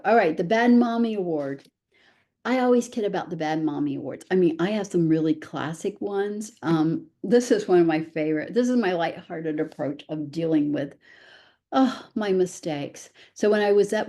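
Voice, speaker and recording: A woman's voice: on the low side, mellow. A middle-aged woman giving a chatty presentation to parents, with frequent "right?" asides and self-deprecating humor. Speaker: presenter and parent of a child with special needs.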